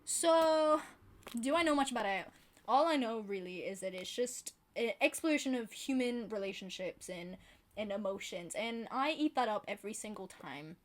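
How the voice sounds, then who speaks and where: A woman's voice: fairly high pitch, lively intonation, moderate pace. A British woman vlogging about books in a chatty, rambling, self-deprecating way. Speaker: book vlogger. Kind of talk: casual chat to camera.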